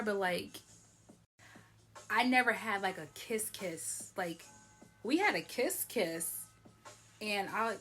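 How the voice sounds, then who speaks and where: A young female vlogger with a sharp tone, pitched on the high side, tells a personal story in a casual way. She's a bit wine-tipsy, very chatty, laughs frequently, and uses "like" over and over.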